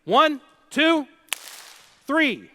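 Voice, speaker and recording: A high-voiced man delivers a lively keynote speech. He tells stories with a playful touch and keeps turning to the audience. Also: drawn-out words, slight background noise. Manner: storytelling, playful, engages the audience directly. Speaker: keynote speaker.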